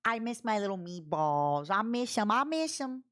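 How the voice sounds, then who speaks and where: Animated woman streamer, chatty and laughing, pitch all over the place. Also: moderate pace. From Canada. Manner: chatty, animated, laughs often, reads chat aloud. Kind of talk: casual livestream chat.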